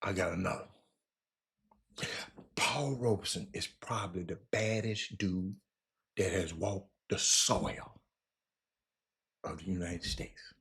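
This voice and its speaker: A man hosting a casual history talk, animated, stumbling and repeating words as he addresses his listeners directly. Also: low voice, takes it slowly, long pauses. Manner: animated, repeats words, talks to audience as y'all. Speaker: host.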